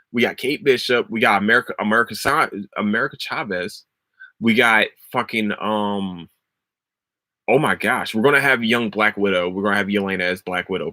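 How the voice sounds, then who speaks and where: A man's voice: fairly low pitch, no room sound. A young man hosting a casual podcast, rambling and swearing freely as he talks about shows. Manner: rambling, swears freely, breaks into loud laughter. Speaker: podcast host.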